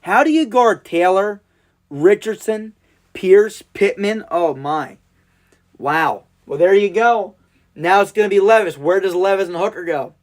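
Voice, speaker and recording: Excitable high-voiced man reacting live. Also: measured pace. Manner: excitable, emotional, repeats himself. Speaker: live draft commentator.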